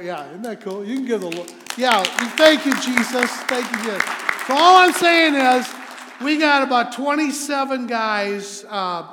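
A man preaching to a congregation as a visiting speaker, telling stories with animated emphasis and leading prayer. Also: high voice. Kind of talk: sermon with storytelling and prayer. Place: church sanctuary. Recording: echoey hall sound.

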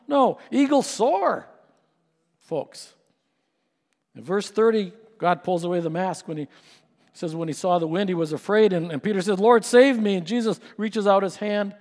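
A middle-aged male pastor preaching a sermon, building to emphatic peaks and then dropping to hushed tones. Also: sits high, in a large hall.

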